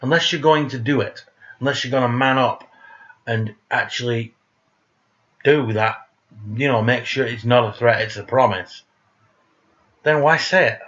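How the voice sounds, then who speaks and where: A man's voice: mid-range voice, unhurried, long pauses, a bit bright, dull audio. A man ranting in a casual monologue, blunt, profane and sarcastic, who speaks of himself as "we". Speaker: vlogger.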